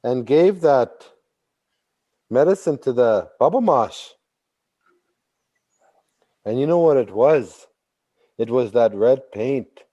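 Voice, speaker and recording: A man telling a traditional story in a slow, deliberate way, with a mellow, dark voice. He repeats phrases and bursts into animated emphasis at key moments. The audio is slightly dull and lo-fi. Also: mid-range voice. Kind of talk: oral storytelling.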